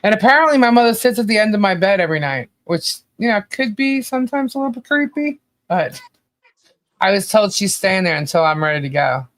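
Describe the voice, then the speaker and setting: Woman podcast co-host, casual chat, mid-pitched, tender and reminiscing, laughs easily, dry close mic. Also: big pitch swings, fairly quick, dry recording. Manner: emotional, reminiscing, laughs often.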